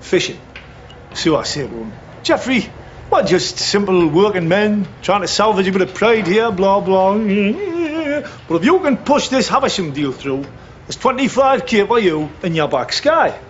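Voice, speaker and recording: An actor playing a blunt, boastful working-class builder with a Geordie accent, in a television drama. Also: male voice, high voice, big pitch swings, measured pace, lo-fi sound, a little hiss or hum.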